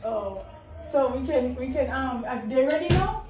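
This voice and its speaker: A woman's voice: high voice, expressive, moderate pace, far from the mic. A young woman chatting to camera in a casual vlog, giggly and emotional, laughing often. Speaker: vlogger. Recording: echoey room.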